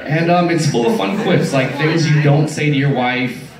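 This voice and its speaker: A man's voice: fairly high pitch, moderate pace. A man doing a stand-up set in a bar, telling stories in a profane, self-mocking, conversational way. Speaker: stand-up comedian. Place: bar stage with a live audience. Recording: roomy bar audio from far off, crowd noise. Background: loud bar crowd, laughter.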